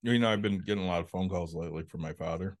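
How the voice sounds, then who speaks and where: A man's voice: low-pitched, very fast. A man co-hosting a podcast in casual chat, telling blunt stories and swearing freely. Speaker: podcast co-host.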